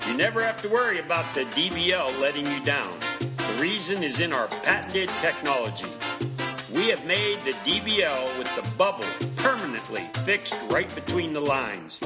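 A man playing a folksy male tool-company pitchman in a mock radio commercial, with a smooth, reassuring sales delivery. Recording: loud salsa music underneath.

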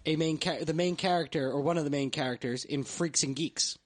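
A man's voice: on the high side, a little fast. A man in a casual podcast chat, bantering and sharing movie trivia.

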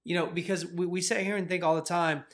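A man co-hosting a faith channel, telling a story in a casual, animated way with lots of "like" fillers. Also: high-pitched, fast talker. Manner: animated, filler-heavy retelling with "like".

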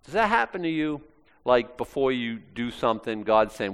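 A man's voice: mid-range voice, very animated, normal speed, clear, resonant tone. A man preaching a sermon, acting out quoted lines in shifting voices. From Maine, US. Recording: long hall reverb.

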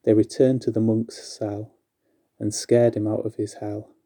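A man reading aloud a long rhyming story poem in a measured, steady recitation. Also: on the low side.

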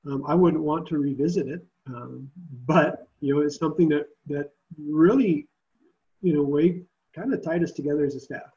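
A man with a fairly high but mellow, relaxed voice talks earnestly and reflectively about leading a Christian summer camp. The audio sounds dull and muffled. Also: normal speed. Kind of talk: podcast interview.

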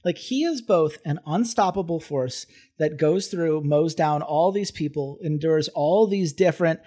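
A man's voice: on the high side, a little slow, mellow. A man in casual podcast chat, breaking down a film earnestly and analytically.

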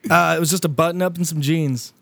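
A man's voice: fairly high pitch, steady tone, quick pace, vocal fry, fairly bright tone, dry recording. A young man animatedly telling a funny story as a podcast host, laughing often and swearing. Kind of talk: casual storytelling.

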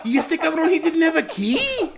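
A man's voice: extremely high pitch, big pitch swings, normal speed, gravelly, over a noisy crowd. A man on a podcast reacting with short interjections in casual chat, mixing in Spanish words.

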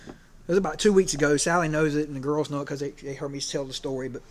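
A man's voice: on the high side, flat delivery, fast talker. Conversational male preacher, full of fillers. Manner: conversational, many fillers, gets emotional. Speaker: preacher and PE teacher. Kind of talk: sermon.

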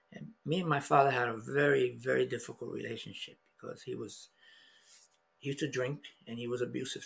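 A middle-aged man telling a personal story in an emotional, halting way, with many restarts. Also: mid-range voice, creaky, a bit bright, breathy edge. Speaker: podcast guest.

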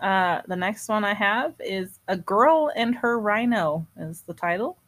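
A woman chatting casually and reading posts aloud, agreeable and quick to giggle. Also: mid-range voice, animated, a bit bright.

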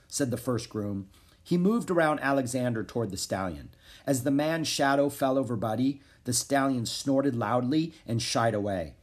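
A man narrating a children's chapter book aloud in an expressive storytelling manner. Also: medium pitch, moderate pace. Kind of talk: children's audiobook reading.

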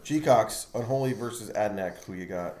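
A man hosting a rowdy podcast, swearing, joking and laughing loudly as he runs through picks. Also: on the low side, normal speed, reverberant. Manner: loud, profane, laughing, mock French bits. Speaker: podcast host. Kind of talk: rowdy casual podcast banter. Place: room with live audience.

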